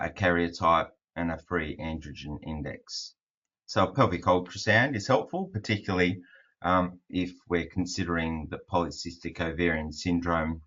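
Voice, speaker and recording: A man, a fertility doctor, giving a webinar lecture over slides in a monotone with frequent ums. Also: deep voice. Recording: dull, lo-fi webinar audio.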